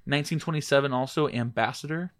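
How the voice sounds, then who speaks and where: A man's voice: medium pitch, fairly bright tone. A man hosting a casual comedic chat, reading items out and riffing crudely with friends. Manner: reads out items and riffs crudely.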